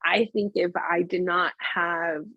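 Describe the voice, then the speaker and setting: A woman's voice: lowish voice, fairly even intonation, slow pace, dry recording, muffled recording. A woman in her thirties, a music executive, speaking candidly in an interview, earnest and filling her talk with "like". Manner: earnest and emotional, many "like" fillers. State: tearful, voice breaking. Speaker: music industry executive, guest.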